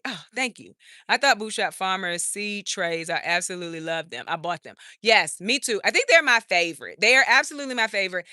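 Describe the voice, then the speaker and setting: A woman's voice: mid-range voice, sharp tone, dry recording, clean studio sound. A woman hosting a live garden tour, chatting casually and reading viewer comments. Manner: chatty, laughs often, talks to viewers as y'all. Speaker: garden channel host doing a live stream. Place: outdoor urban garden.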